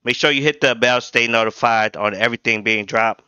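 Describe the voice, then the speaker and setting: A man hosts a reaction video with a very bright, crisp voice. He talks in loose, slangy asides. The sound is close and dry. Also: mid-range voice, fairly quick, no echo, lo-fi sound. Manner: slangy, loose, keeps saying "you know what I'm saying". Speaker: reaction channel host. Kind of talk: casual reaction commentary.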